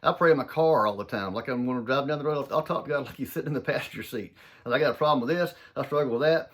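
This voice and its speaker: A man from southern Mississippi speaks in a thick Southern accent. He gives an earnest, folksy faith talk, talking fast and loosely, with some words run together and some restarted. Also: medium pitch. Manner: earnest, folksy, addresses listeners as y'all. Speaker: Christian speaker.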